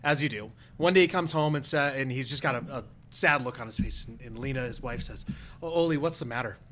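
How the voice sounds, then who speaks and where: A man with a bright, forward voice tells a joke on a comedy podcast, stopping and restarting as he goes. Faint noise sits under the recording. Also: medium pitch. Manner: rambling, halting storyteller with restarts. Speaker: guest. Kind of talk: casual podcast chat, telling a joke.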